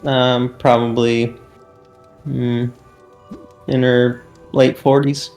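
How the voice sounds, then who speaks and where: Very slow, halting male player. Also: medium pitch, little pitch movement, a little mellow, soft background music. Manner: halting, hesitant, many pauses. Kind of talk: playing a character in a tabletop game.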